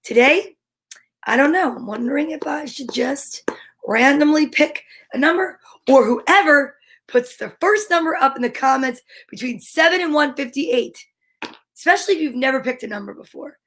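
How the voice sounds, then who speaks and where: A middle-aged woman hosting a children's story-time show, chatting in a bubbly, animated way to kids at home. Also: high-pitched, moderate pace. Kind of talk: cheerful chat to kids at home.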